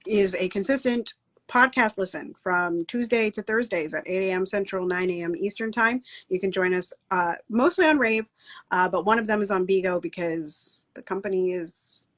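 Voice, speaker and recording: A woman's voice: medium pitch, fairly bright tone. A woman co-hosting an online talk show, chatting casually and running through announcements with many fillers and laughs. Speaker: co-host.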